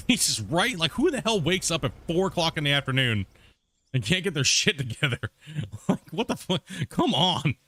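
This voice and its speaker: A man's voice: on the high side, sing-song, normal speed, pushed and bright, dry recording. A man streaming a game, ranting to his viewers in casual chat and swearing a lot. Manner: heated ranting, swears often. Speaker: gaming streamer.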